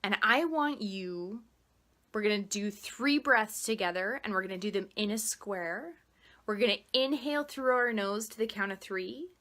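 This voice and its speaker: A woman explaining meditation in a casual, gushing way, swearing freely and saying "like" a lot, then dropping soft and quiet to count a guided breathing exercise. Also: mid-range voice, moderate pace. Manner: drops soft and quiet when guiding the breaths. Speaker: meditation teacher.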